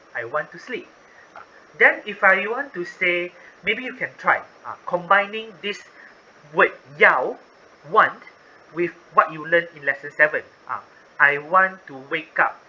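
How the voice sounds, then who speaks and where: A man with a Malaysian accent teaching a Mandarin lesson, patiently explaining and repeating words slowly. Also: sits high, expressive, sharp tone, muffled recording, a little hiss or hum. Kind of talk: online language lesson.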